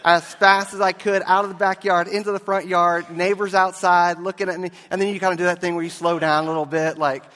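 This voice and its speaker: A man preaching a sermon as a pastor, telling a story and moving between loud and hushed delivery. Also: high voice, flat delivery, a little fast, few pauses, long reverb tail.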